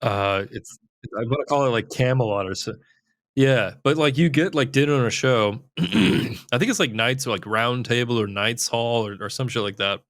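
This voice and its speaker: A man's voice: mid-range voice, normal speed, fairly bright tone, dry recording. A man hosting a podcast, chatting casually in a rambling, profane way with lots of "like". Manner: rambling, profane, heavy use of "like". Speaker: podcast host. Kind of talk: casual chat.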